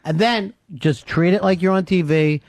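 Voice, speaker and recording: A man's voice: sits high, moderate pace, dry recording. A man hosting a radio talk show, teasing his crew in casual banter with many fillers.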